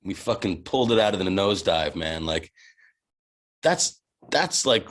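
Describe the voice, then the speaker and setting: A man in his forties, a podcast guest, telling an animated, profane anecdote with many restarts and bursts of laughter. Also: sits low, measured pace. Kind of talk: casual storytelling.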